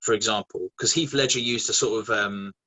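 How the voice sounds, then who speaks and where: A man, a guest actor chatting casually in an interview, animated and quick to laugh. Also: fairly low pitch, rough recording. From England. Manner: animated, laughing, many restarts.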